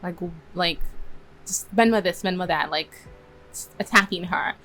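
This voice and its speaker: A woman's voice: fairly low pitch, unhurried, fairly bright tone, soft background music, poor audio. A young woman casually retelling and reworking story scenes, chatty and laughing often as she acts out bits of dialogue. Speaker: story reviewer.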